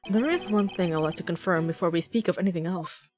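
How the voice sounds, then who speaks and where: A woman reading the lines of a stern, formal male prosecutor from a courtroom game in a low, clipped tone. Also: quick pace, over music, lightly acted.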